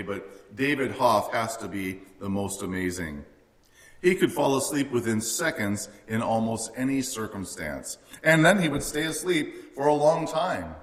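Man preaching in a reverberant hall. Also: on the low side. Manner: earnest, rising for quoted lines. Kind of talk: sermon.

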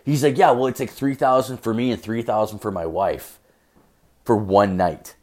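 A man's voice: lowish voice, normal speed, a little mellow. A young man from Canada hosting a podcast, telling a story in a rowdy, profane way and acting out both sides of the conversation. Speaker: podcast host. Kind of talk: casual storytelling monologue.

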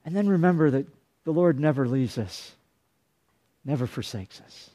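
A man's voice: a little high, lively intonation, normal speed, long pauses, mellow. Guy pastor giving a sermon, earnest, keeps repeating himself. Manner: earnest, repetitive preaching.

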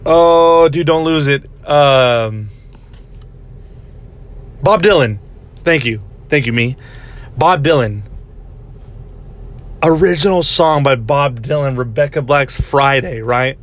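A man's voice: medium pitch, slow, long pauses. A young man telling a rambling story in a casual podcast chat, laughing often and saying "dude" a lot. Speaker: podcast host.

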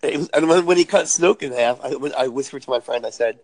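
A man's voice: mid-range voice, fast, few pauses. A man co-hosting a casual movie discussion podcast, talking in a wry, hesitant way with jokey asides. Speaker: podcast co-host.

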